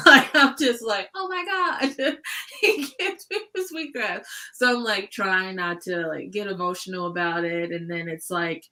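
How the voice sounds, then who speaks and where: A woman's voice: fairly low pitch, sharp tone. A woman in a book club discussion on a video call, talking casually and hesitantly, searching for words and laughing often. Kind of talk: casual chat.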